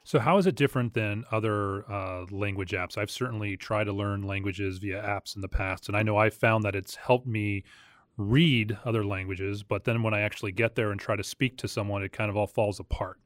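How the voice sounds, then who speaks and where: Male interviewer, low pitch, dry close sound, casual and halting. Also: fairly even intonation, no echo. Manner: conversational, halting questions. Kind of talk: interview questions.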